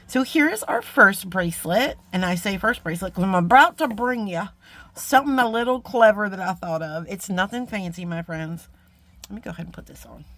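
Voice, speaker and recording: A middle-aged woman with a mid-range voice chats casually through a jewelry-making tutorial. She's self-deprecating and talks to her viewers like friends. There's slight background noise.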